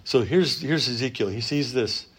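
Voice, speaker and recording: Male pastor, conversational sermon delivery, punchy emphasis and soft asides. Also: mid-range voice, normal speed, husky. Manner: conversational, many fillers and restarts.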